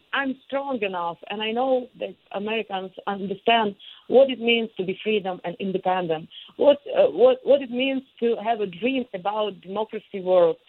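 A woman with a Ukrainian accent, a guest on a remote interview, speaking with passion, halting with many fillers and restarts. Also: medium pitch, dry recording. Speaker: guest, singer and former lawmaker. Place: in Kyiv, remote. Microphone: phone line. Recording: tinny dry phone line.

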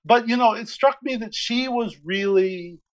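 A man's voice: very high-pitched, a little slow, crowd noise, rough recording. A man speaking as an interview guest, thoughtful and hesitant, with frequent restarts. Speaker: guest commentator. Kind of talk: conversational interview.

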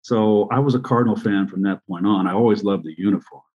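A man in his sixties, an interview guest telling long, rambling anecdotes with restarts and pauses. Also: lowish voice, darkish tone, muffled recording. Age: 60s. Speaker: interview guest, former baseball player and manager. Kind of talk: conversational storytelling.

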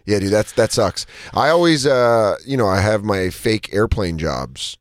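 A male comedian co-host trades quick, wry jokes in a dry studio. His voice swings freely up and down as he riffs. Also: on the low side, animated, no room sound. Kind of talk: casual comedy radio chat.

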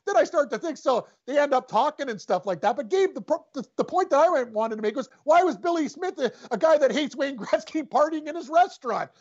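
A man's voice: extremely high pitch, brisk, hardly any pauses, lo-fi sound. A man co-hosting a sports podcast, telling stories animatedly and acting out other people's lines. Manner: animated storyteller, acts out quoted voices. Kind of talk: casual chat.

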